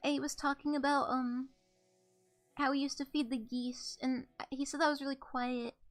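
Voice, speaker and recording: A woman's voice: sits high, little pitch movement, normal speed, faint music behind. A young woman streaming, chatting casually with her viewers in a rambling, giggly way and apologizing often. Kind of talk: casual live-stream chat.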